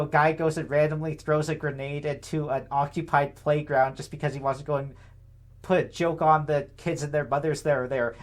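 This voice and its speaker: Sarcastic, rambling young man, fairly high voice. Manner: rambling, filler-heavy, many tag questions; sarcastic, indignant. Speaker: political commentator. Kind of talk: casual commentary monologue.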